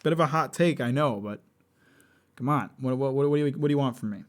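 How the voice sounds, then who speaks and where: This young man talks fast in a mid-range voice while building a model kit live on stream. The chat is casual and rambling, blunt and profane, edged with sarcasm.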